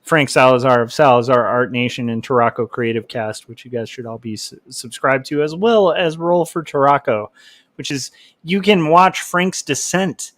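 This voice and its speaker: A man's voice: mid-range voice, moderate pace, a bit bright, no room sound. A man hosting a casual livestream, reading chat and rambling with lots of filler words. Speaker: livestream host, comic artist.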